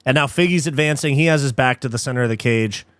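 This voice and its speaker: A young man commenting live on a fight as host, excitable and easily frustrated, swearing casually and calling people dude and bro. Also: mid-range voice, quick pace, clean tone, dry recording.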